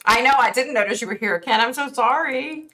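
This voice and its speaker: A woman's voice: fairly high pitch, a little fast, bright, forceful tone. A middle-aged woman hosting a casual live stream, chatting with viewers in a chatty, outspoken, fired-up way with mild swearing. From East Coast of the United States. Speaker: livestream host reading viewer chat.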